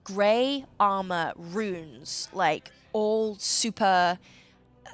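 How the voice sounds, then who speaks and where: A woman co-casting a live game stream, telling stories in lively casual chat and laughing often. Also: mid-range voice, very slow. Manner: animated storyteller, laughs often. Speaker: co-caster.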